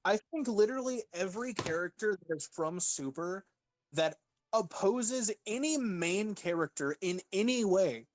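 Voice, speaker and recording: Argumentative man, higher voice, dry. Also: lively intonation, moderate pace, no room sound. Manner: argumentative, rambling with fillers. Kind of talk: casual gaming chat.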